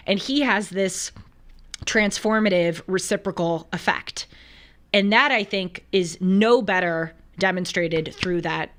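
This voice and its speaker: A woman hosting a talk show, mixing scripture commentary with lively, laughing, chatty asides. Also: mid-range voice, takes it slowly. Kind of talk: casual commentary with scripture reading.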